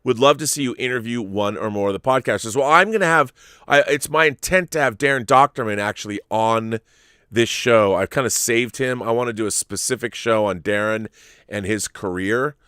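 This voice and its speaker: A middle-aged man hosting a live stream, reading viewer messages and answering them in a halting, rambling way. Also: mid-range voice, sharp tone, smooth, dry recording, studio quality. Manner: rambling, halting, restarts often. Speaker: host.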